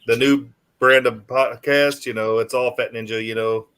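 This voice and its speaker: A man's voice: mid-range voice, fairly even intonation, normal speed, a bit bright, clear, resonant tone, no echo. Easygoing guy on a podcast, mid voice, lots of you knows. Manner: laid-back, fond of "you know" and "huh". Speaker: guest. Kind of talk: casual podcast chat.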